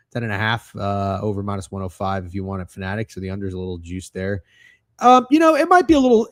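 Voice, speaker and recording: Excitable, profane man hosting a betting stream. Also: on the low side, no room sound, studio quality. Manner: excitable, profane, rambling with many restarts. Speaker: sports betting show host. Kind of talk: casual sports betting livestream chat.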